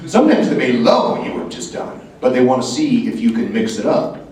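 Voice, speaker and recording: A man, a voice actor, speaking at a convention panel and jumping into quick voices and asides. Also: medium pitch, sing-song, darkish tone. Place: large convention hall. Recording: echoey hall, mic heard from a distance.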